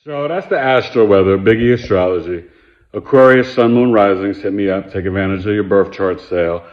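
A man's voice: fairly low pitch, brisk, dull audio. A man in his fifties, an astrologer talking straight to the camera in a casual, emphatic way, full of slang and repetition. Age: 50s. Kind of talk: casual direct-to-camera monologue.

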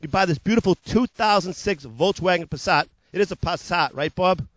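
Upbeat, high-voiced New car salesman. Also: moderate pace, a bit bright, no echo. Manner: upbeat, repetitive sales patter, jokes about his own slips. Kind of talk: local TV car sales pitch.

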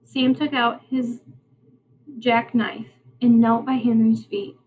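A woman teacher reading a novel aloud to her class, unhurried and plain, with small slips and restarts. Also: a little high, steady tone, darkish tone, slight background noise, low-quality recording.

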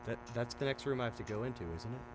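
A man's voice: mid-range voice, racing, heavy background noise. A young man playing a horror game at home in his bedroom, jumpy and self-mocking, with sudden screams at the scares. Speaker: gaming YouTuber. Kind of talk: horror gameplay commentary.

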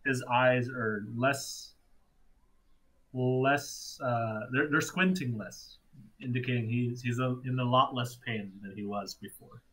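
A man's voice: mid-range voice, steady tone, fairly bright tone, poor audio. Young man narrating as game master. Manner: loose, halting narration with frequent restarts.

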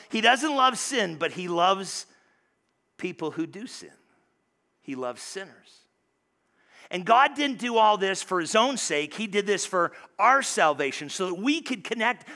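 A man preaching a sermon in a church, conversational and animated, stumbling over restarts and dropping suddenly soft. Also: high voice. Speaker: pastor. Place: church sanctuary.

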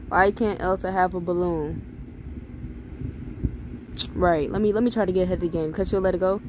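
A young woman talking loudly through a mobile game, swearing freely and reading in-game texts aloud with plenty of sass. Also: fairly low pitch, steady tone, moderate pace, pauses often, a little hiss or hum, low-quality recording. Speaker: gamer. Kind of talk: casual gameplay commentary.

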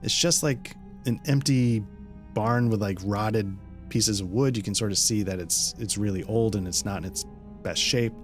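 A man's voice: on the low side, normal speed, faint music behind. A man narrating as game master of a horror role-playing game, casual and explaining with many fillers.

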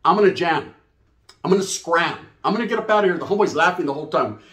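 Fast-talking Chicano streetwise storyteller man. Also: a little high, lively intonation, fairly bright tone, roomy sound. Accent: Chicano English. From California. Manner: streetwise slang, acts out other voices, addresses listeners directly. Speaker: storyteller host. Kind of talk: profane comedic storytelling.

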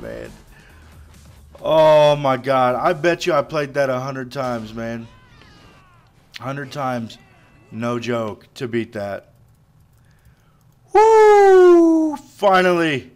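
A young man giving casual let's play commentary, frustrated and swearing, muttering to himself between bursts. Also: medium pitch.

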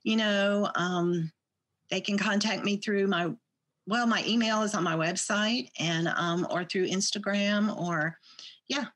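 A woman from Mississippi, an artist guest on a podcast, talks slowly and unhurriedly. She rambles, full of fillers and restarts. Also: medium pitch, fairly even intonation, a bit bright. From Mississippi, USA. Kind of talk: casual interview chat.

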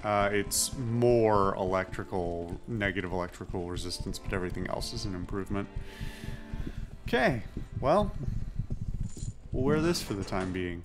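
A man's voice: fairly low pitch, lively intonation, moderate pace, pauses often, over music. A man giving casual, musing commentary while playing a game, swearing now and then. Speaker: let's play host.

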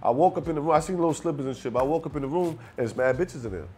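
A man, a rapper and guest, telling a story in a casual, profane, animated way and acting out the scenes. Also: on the high side, racing, faint music behind.

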